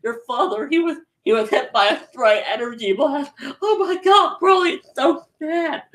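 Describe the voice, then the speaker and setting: A man's voice: very high-pitched, normal speed, a bit bright, pitched above the performer's own voice. A man putting on the voice of a male alien tyrant who fakes over-the-top, mock-tragic grief.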